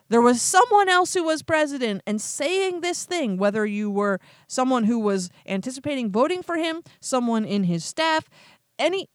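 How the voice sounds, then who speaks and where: A woman's voice: high-pitched, no room sound, clean studio sound. A woman host giving opinionated news commentary, sarcastic and incredulous, retelling quotes with exasperation. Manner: quotes others in animated retellings.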